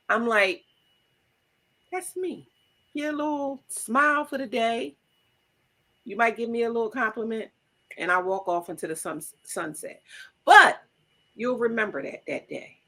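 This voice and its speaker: A woman's voice: fairly high pitch, normal speed. A young adult woman co-hosting a casual podcast chat, telling stories animatedly and acting out quoted lines. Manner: animated storyteller, acts out quotes, laughs loudly. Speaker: podcast co-host.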